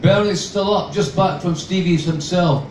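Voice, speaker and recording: A man reads his own novel aloud with a dry, sardonic edge. His voice sits a little high for a man. The sound is roomy and picked up from a distance, with faint ambience behind. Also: normal speed, a little mellow, a little hiss or hum. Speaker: author reading.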